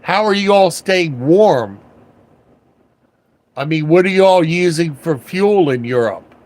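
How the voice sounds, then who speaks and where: Older man, slow folksy rambling storyteller. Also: fairly high pitch, animated, darkish tone. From Washington area, USA. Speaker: livestream host. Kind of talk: casual storytelling livestream.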